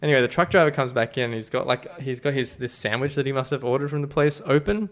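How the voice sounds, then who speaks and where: A man's voice: mid-range voice, fast. A young man co-hosting a podcast, telling rambling stories packed with "like" fillers and laughing at his own jokes. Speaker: podcast co-host. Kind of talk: casual storytelling chat.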